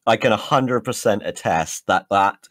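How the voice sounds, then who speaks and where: A man's voice: on the low side, moderate pace, crowd noise. A young English man with an English accent, co-hosting a casual podcast chat, laughing often and telling stories with animation. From England. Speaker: podcast co-host.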